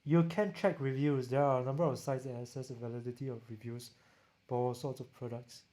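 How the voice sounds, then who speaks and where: A Singaporean tech reviewer with a Singaporean accent chats casually on a livestream, reading viewer comments aloud and often halting and restarting his sentences. His voice is mid-range, steady and dark in tone. He's picked up by a camera-mounted shotgun mic.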